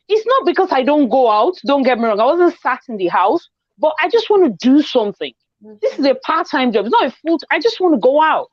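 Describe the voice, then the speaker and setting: A woman hosting a casual group chat, telling a personal story in an animated way and acting out the dialogue. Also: high-pitched, no echo, muffled recording. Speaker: host. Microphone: video call.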